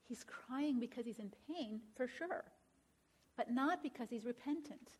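A woman's voice: a little high, measured pace, a little mellow, breathy edge. A woman teaching a Christian counseling class in a conversational way, often checking in with the audience and quoting scripture aloud. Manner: conversational, checks in with "all right?" and "right?".

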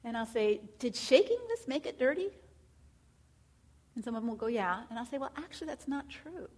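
A woman's voice: on the high side, very animated, fairly quick. A woman teaching counseling students, asking rhetorical questions and acting out what clients say. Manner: asks many rhetorical questions, acts out clients.

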